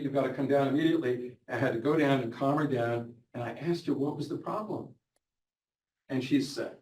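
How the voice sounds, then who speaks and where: An older physician, telling anecdotes about patients and quoting them in lively voices. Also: male voice, medium pitch. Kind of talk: storytelling talk. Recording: echoey room, from a distance.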